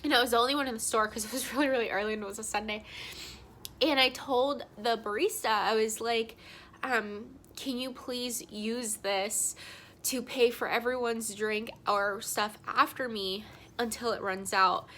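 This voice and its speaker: A woman's voice: a little high, steady tone, moderate pace, fairly bright tone, slight background noise. A young woman vlogger tells a personal story in a heartfelt, emotional way, crying as she talks, full of ums and likes.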